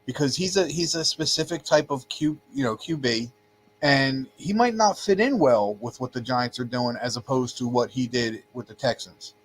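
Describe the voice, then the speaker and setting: A man's voice: mid-range voice, expressive, moderate pace, slight background noise. A man co-hosting a podcast in casual sports chat, talking emphatically and repeating words as he presses his points. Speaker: podcast co-host.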